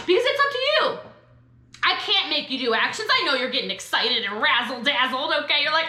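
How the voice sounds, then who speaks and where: A woman's voice: high voice, lively intonation, pushed and bright, echoey room. A woman giving a sassy, emphatic motivational training talk to network marketers. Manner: sassy, emphatic, quick asides.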